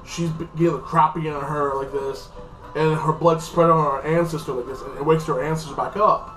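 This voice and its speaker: A TV show reviewer with a slightly high voice recaps an episode briskly and with fairly even intonation, rambling and leaning on fillers, repeating "like this" and "freaking." The room is echoey, the mic distant, and faint music plays.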